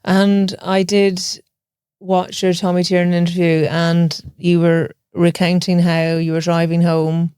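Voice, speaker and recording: Woman podcast host; smooth, slightly low voice, reflective and warm. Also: monotone, unhurried, no room sound, clean studio sound. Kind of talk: conversational interview.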